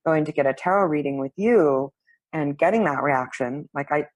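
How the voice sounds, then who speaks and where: A woman's voice: low-pitched, moderate pace, no echo. Woman, podcast host, earnest, thinking aloud, dry close mic. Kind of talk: casual conversation.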